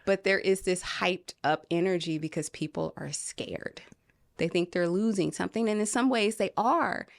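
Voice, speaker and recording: A woman from California talking earnestly as a podcast guest, animated and quoting people in different voices. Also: lowish voice, normal speed, vocal fry, dry recording, studio quality. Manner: earnest, animated storytelling, quotes others in voices. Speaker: podcast guest, film producer. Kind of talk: casual conversation.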